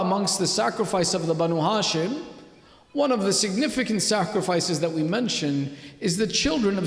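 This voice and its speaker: Man, sermon, high gravelly voice, dramatic storytelling, echoey reverberant mosque hall. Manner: dramatic storytelling with slowed emotional peaks. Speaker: religious speaker.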